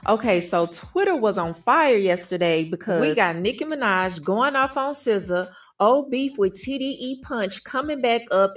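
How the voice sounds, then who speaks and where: A woman co-host recounting gossip in a lively, storytelling way. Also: on the high side. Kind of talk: gossip commentary.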